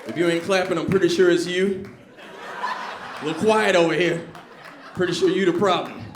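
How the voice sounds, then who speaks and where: Male stand-up comic, high voice, animated and conversational, roomy club echo. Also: normal speed, background noise. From Southern US. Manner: animated, conversational, quizzes the crowd. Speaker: stand-up comedian. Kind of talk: stand-up comedy set. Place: comedy club stage. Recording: echoey club room.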